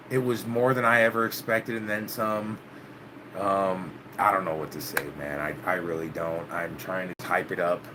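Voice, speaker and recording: Casual male host, laid-back and profane, bright tense tone, light background hiss. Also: medium pitch. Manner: laid-back, swears, keeps saying "man". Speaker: channel host. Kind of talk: casual vlog chat with live viewers.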